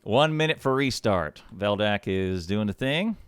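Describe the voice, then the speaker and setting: A man hosting a game match in casual stream chat, laughing often between remarks. His low voice moves with a lot of animation. The sound is dry and close. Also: lively intonation, a little slow, clean tone, no echo. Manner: chatty, with lots of laughs and restarts. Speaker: shoutcaster and match host. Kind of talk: casual live stream talk.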